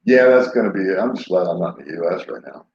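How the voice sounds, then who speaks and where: A man's voice: sits low, lively intonation, fast talker, a little mellow. An older man chatting casually on a live stream, rambling and laid-back, laughing often as he answers viewers. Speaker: vlogger answering live chat. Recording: roomy, dull lo-fi sound.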